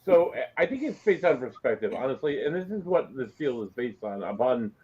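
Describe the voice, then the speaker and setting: A man's voice: medium pitch, very animated, a little fast, mellow, husky, dull audio. A man co-hosting a casual chat, talking in a chatty, digressive way. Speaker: co-host. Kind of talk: casual chat reviewing clips.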